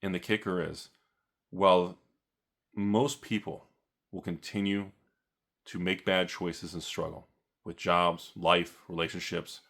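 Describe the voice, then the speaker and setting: Bright-voiced man ranting sarcastically. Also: low-pitched, takes it slowly, vocal fry, long pauses. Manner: sarcastic, animated ranting with jokes. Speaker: card store owner and channel host. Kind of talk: casual ranting vlog.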